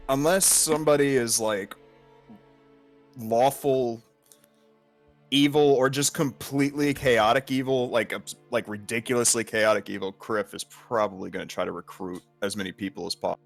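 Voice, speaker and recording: A man's voice: medium pitch, unhurried, gravelly, faint music behind. A man in a tabletop game over voice chat, reasoning aloud in an easygoing way. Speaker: player. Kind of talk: casual tabletop role-play over voice chat.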